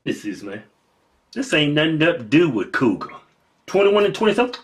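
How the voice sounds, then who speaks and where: A man's voice: fairly high pitch, big pitch swings, moderate pace, slightly rough. A man co-hosting a casual comedy chat, mumbling and teasing crudely. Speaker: co-host.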